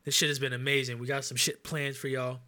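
A man hosts a laid-back podcast, talking sports in a loose, profane way. His voice is bright and forceful, sitting at an ordinary pitch for a man. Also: level tone, fast talker. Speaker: podcast host. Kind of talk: casual podcast chat.

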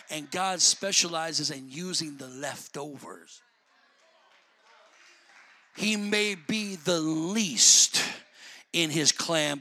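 A man preaching a sermon, swinging from soft, low asides to loud, fervent shouting. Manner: shouting, building to fervent peaks.

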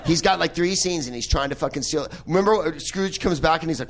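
Man, podcast host, profane, riffing, slightly high-pitched voice. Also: a little fast, crowd noise, background noise. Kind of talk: live podcast movie talk. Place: old movie theater with audience.

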